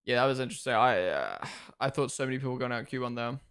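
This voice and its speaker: A man's voice: medium pitch, sing-song, racing, a bit bright, clean tone. Chatty young man reacting live. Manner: chatty, reactive, thanks viewers by name. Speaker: streamer hosting a watchalong. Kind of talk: casual live-stream commentary.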